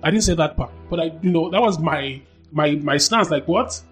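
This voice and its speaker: Woman on a podcast, telling her story all fired up, repeats stuff, soft music way in the back. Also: deep voice, moderate pace, breathy edge. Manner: animated, emphatic, acts out quoted dialogue, repeats phrases. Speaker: anonymous podcast guest. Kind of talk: candid personal storytelling.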